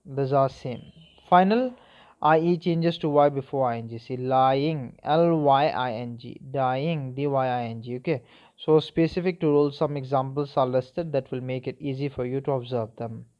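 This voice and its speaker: A man's voice: medium pitch, normal speed. A man teaching a class spelling rules, spelling words out letter by letter and checking that the class is following. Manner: spells words letter by letter, asks "okay?" and "clear?". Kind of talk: spelling lesson. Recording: dull lo-fi recording.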